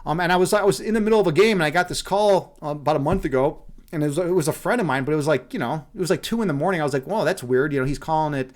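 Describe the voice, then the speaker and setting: A man's voice: fairly high pitch, very fast, few pauses. Rambling man from Chicago, live-streaming. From Chicago, USA. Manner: rambling, many restarts and fillers, frequent swearing. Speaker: streamer, meditation host. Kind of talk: casual live-stream chat.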